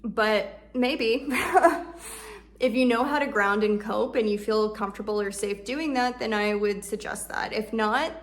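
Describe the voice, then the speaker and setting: A woman talking through emotional self-care in a relaxed, chatty way, full of fillers and restarts. When she voices the kind words she says to herself, she slows and softens into a hush. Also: fairly high pitch. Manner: conversational, filler-heavy, drops soft and slow when voicing comforting self-talk. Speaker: shadow work coach. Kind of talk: casual self-help talk.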